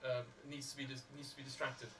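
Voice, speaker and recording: A man's voice: on the high side, fairly even intonation, lightly acted. A man voicing a nervous, shy man who stutters and halts on every word. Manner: heavy stutter, halting. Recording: roomy, distant mic.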